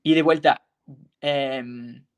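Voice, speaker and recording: During a live online English lesson, the teacher slowly and carefully pronounces example words, calls on students by name, and checks in often to see that they follow. The voice is smooth and steady, at a medium pitch.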